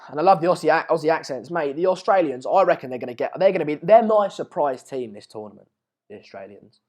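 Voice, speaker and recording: Chatty young streamer, a bit hoarse. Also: male voice, fairly high pitch, expressive, quick pace, a little mellow. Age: late teens. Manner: chatty, rambling, restarts mid-sentence, calls viewers mate and pal. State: slightly hoarse from shouting. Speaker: live stream host. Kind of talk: casual live match watch-along, reading out viewer comments.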